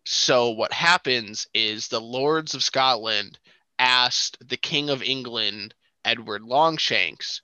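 A man's voice: medium pitch, takes it slowly, sharp tone, dry recording, low-quality recording. A man in casual conversation, stepping in to correct and explain historical background. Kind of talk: casual chat.

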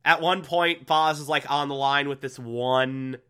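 Bright-voiced man recapping an episode. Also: mid-range voice, unhurried, smooth. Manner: animated, laughs often, swears casually. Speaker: TV episode reviewer. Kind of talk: casual recap with acted-out quotes.

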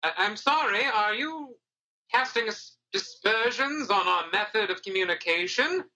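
A man doing a high, flustered kobold manager. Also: expressive, unhurried, bright, forceful tone, heavily acted, low-quality recording. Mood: indignant. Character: fussy male kobold restaurant manager with thin mustache.

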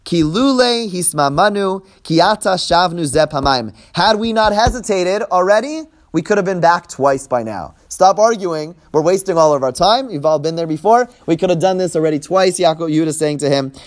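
A man's voice: sits high, lively intonation, moderate pace, hardly any pauses. A man teaching a text-study class, who reads verses aloud, translates them line by line, acts out the quoted speakers and keeps checking in with his listeners. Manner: explains step by step and checks in with "right?". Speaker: Bible teacher.

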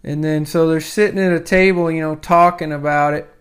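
A man co-hosting a podcast, recapping a movie in a measured, deliberate way. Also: fairly high pitch, steady tone, clean tone. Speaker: podcast co-host.

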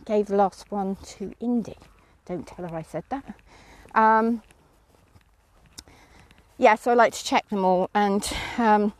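A woman's voice: mid-range voice, darkish tone. Middle-aged lady rambling at the yard, keeps telling the horse go on, outdoors. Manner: chatty, breaks off to call commands to the horse. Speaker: horse owner vlogger. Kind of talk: casual chat while lunging a horse.

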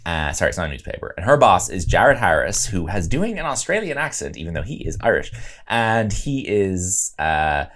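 A man's voice: low-pitched, moderate pace. A man co-hosting a podcast, chatting casually about a film, swearing freely and acting out quotes. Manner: animated, swearing, mimics quotes in exaggerated voices. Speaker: podcast co-host.

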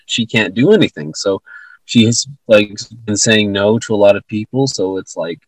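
Low husky man, earnest storytelling. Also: expressive, moderate pace, no room sound, rough recording. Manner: earnest, retells stories with lots of fillers. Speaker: podcast co-host. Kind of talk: casual conversation.

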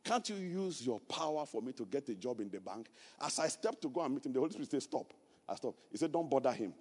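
A Nigerian man preaching a sermon, telling a personal story and building to loud, emphatic preaching. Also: medium pitch, very animated, quick pace, breathy edge, long reverb tail. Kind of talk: sermon testimony.

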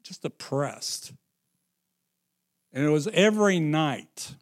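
A man preaching a sermon, slow and emphatic, dropping into hushed storytelling and rising again for emphasis. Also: fairly high pitch, expressive. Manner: slow, emphatic, swings into sung and shouted phrases.

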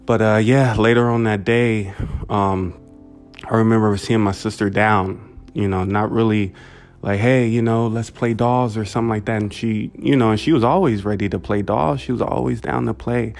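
A man telling a painful childhood memory in a halting way, full of fillers and "you know". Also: lowish voice, steady tone, vocal fry, a little mellow. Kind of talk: personal storytelling.

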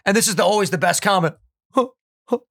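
A man's voice: high-pitched, steady tone, rapid-fire, a bit bright, dry recording, clean studio sound. A young man from New York with a New York accent, co-hosting a podcast in casual, profane banter and mimicking people he talks about. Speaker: podcast co-host.

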